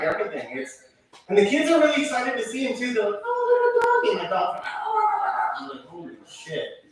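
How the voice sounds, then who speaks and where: A man doing a rambling, profane open mic stand-up set, full of ums and asides. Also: on the high side. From Connecticut, USA. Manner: loose rambling delivery with many ums and profanity. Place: small venue with live crowd. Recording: echoey room, far from mic, crowd noise.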